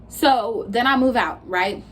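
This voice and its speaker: Taking it slowly, a woman with a higher voice tells a storytime vlog over slight background noise. She's in her twenties, and her casual rant is blunt and profane, with arguments retold in quoted exchanges.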